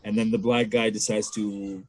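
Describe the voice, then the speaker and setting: A young man from the Toronto area casually telling a story on a podcast, swearing, laughing, and jumping into high voices at the punchlines. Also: flat delivery, moderate pace, a little mellow. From Canada, Toronto area.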